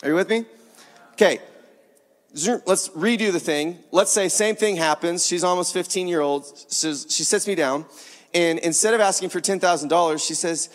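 A man with a high-pitched voice delivers a sermon, earnest and conversational. He slips into little acted exchanges as he talks. The sound hangs in a long, echoing hall. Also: normal speed. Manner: earnest, conversational, acts out dialogue. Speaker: pastor.

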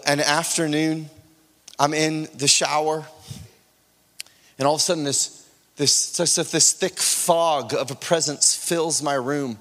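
High-voiced man preaching in a reverberant hall. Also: a bit bright. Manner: impassioned, earnest preaching. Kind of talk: sermon with personal testimony. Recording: long reverb of a large hall.

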